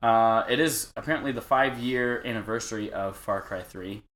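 A man's voice: fairly low pitch, moderate pace, fairly bright tone, a little hiss or hum. A man co-hosting a podcast, casually running through gaming news with profanity and easy banter. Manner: profane, laughing, reads out news items. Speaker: podcast co-host.

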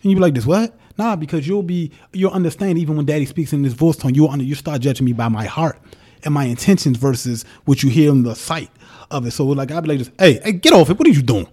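A young man with a fairly high voice talks with strong conviction. He sounds like a podcast guest in a casual faith discussion. His delivery is forceful and preacher-like, and he lays his points out plainly. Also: quick pace.

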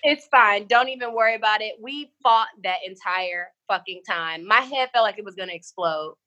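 A woman's voice: medium pitch, moderate pace, pushed and bright, lo-fi sound. A woman co-hosting a casual podcast, telling a rambling, profane story full of "like".

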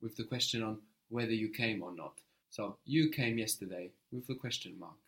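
A man teaching a language lesson, prompting a learner and repeating answers slowly and patiently. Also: lowish voice, fairly bright tone.

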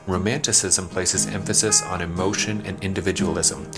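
A man hosting an educational poetry podcast, explaining meter in a measured, scripted way and reading verse slowly and deliberately. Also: low voice. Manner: measured, clear explanatory delivery, slows to a deliberate recitation for verse. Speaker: podcast host teaching poetry.

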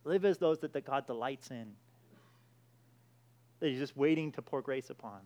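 A man's voice: medium pitch, normal speed, a little mellow. A man preaching a sermon, emphatic, with frequent restarts and repeated "all right".

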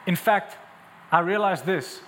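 A young male pastor delivers a sermon a little slowly in a high voice with a bright edge. He shifts from relaxed, chatty asides to emphatic, rising calls to the congregation, his words ringing through a long hall reverb above a faint hiss.

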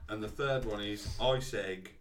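A man's voice: lowish voice, measured pace, roomy sound, recorded from a distance, heavy background noise. A man co-hosting a podcast, rambling through crude casual banter and swearing. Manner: rambling, swearing, giggly storyteller. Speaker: podcast co-host.

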